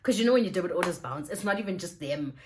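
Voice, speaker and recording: A woman's voice: lowish voice, lively intonation, fast talker, darkish tone, a little hiss or hum. A young woman telling a personal faith testimony to her viewers in a casual, emotional vlog style, often laughing as she talks. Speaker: vlogger.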